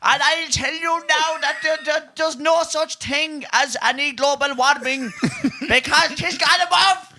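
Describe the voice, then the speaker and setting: A man's voice: very high-pitched, unhurried, pitched above the performer's own voice, heavily acted. A man putting on a Kerry accent to play a fiery rural male politician who rants aggressively, a little tipsy. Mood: ranting. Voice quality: loud, aggressive, shouting.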